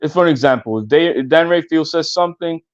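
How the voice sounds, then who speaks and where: Dude stuttering through boxing talk, bit high voice, sounds muffled and dry. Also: male voice, quick pace, no echo. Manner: stammering, repeats words, profane. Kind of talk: casual boxing podcast chat.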